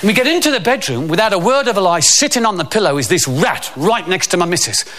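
A man telling a stand-up comedy anecdote in an animated way, acting out the characters as he goes. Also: high-pitched, fast. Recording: loud background noise.

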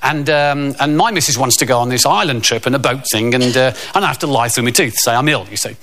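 A man's voice: mid-range voice, fast, fairly bright tone, slight background noise. A middle-aged man telling a rambling, self-mocking comic story.

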